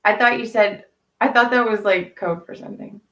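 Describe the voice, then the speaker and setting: A woman talking to her live chat, rambling from one story to the next and swearing without a second thought. Her voice sits at an ordinary middle pitch. The room around her is noticeably echoey. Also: normal speed, a bit bright. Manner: rambling, candid, swears freely. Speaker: live streamer chatting with viewers.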